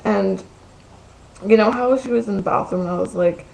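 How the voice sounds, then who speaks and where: A woman with a heavily gravelly, fry-laden voice rants to her camera from her bedroom at home. Her story is gossipy and profane, and it is packed with "like" as she talks casually. Her pitch sits right in the middle for a woman. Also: moderate pace, a little mellow, rough recording. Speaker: vlogger.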